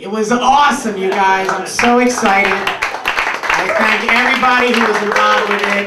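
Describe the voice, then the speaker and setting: A man performing a stand-up comedy set, telling stories animatedly and shouting punchlines in put-on voices. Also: high-pitched. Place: small comedy club stage. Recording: roomy club sound from a distance with audience. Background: audience laughter.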